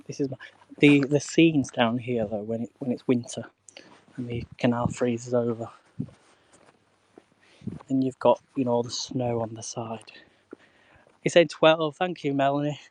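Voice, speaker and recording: A man's voice: medium pitch, measured pace, long pauses, a little mellow. A man chatting casually to viewers on a live stream while walking outdoors along a canal towpath, greeting people and laughing often.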